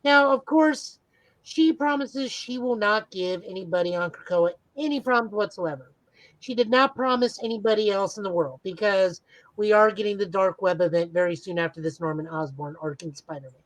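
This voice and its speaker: A man's voice: sits high, moderate pace, a bit bright, poor audio. Rambling enthusiastic man co-hosting a podcast. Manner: rambling, enthusiastic fan talk. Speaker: podcast co-host. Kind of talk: casual podcast chat.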